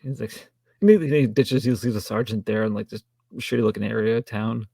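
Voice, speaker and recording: A man co-hosting a film review podcast in casual chat, low-key with dry, wry remarks. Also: fairly even intonation, brisk, creaky, warm tone, breathy edge, no room sound. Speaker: podcast co-host reviewing films.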